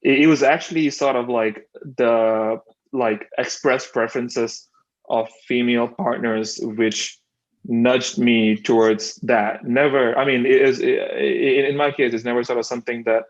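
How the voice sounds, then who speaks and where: A man's voice: mid-range voice, steady tone, a little slow, lo-fi sound. A man in his twenties joining a casual discussion on a video call, talking tentatively and searching for his words. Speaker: audience participant.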